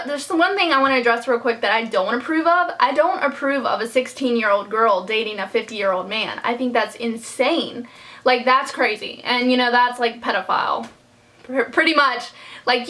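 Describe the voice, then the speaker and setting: Close to tears, a young woman rambles heartfeltly through a storytime vlog about her personal life, full of fillers and restarts. She speaks with a fairly high voice and a sharp tone.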